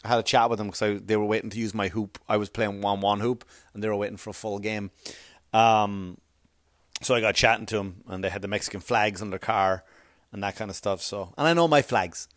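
A man's voice: fairly low pitch, fairly even intonation, brisk, a bit bright, dry recording, clean studio sound. A man doing a rambling, profane stand-up comedy routine full of conversational asides.

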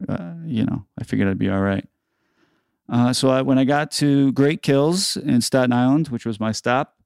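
A middle-aged man hosting a podcast, telling a story in a casual, halting way with lots of "uh" and "you know", and raising his voice when he acts out an argument. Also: lowish voice, vocal fry, mellow, smooth, no room sound, studio quality. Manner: conversational, frequent "uh" and "you know", acts out quoted exchanges with rising voice. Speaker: podcast host.

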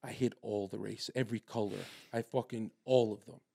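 A man's voice: fairly low pitch, steady tone, brisk, creaky, mellow. A man talking in a brash, crude, swaggering way, telling stories in a casual chat. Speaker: guest.

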